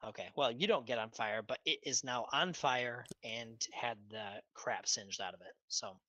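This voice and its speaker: A man's voice: mid-range voice, moderate pace, sharp tone, dry recording, low-quality recording. A man narrating as game master of a tabletop game, hesitant and full of fillers.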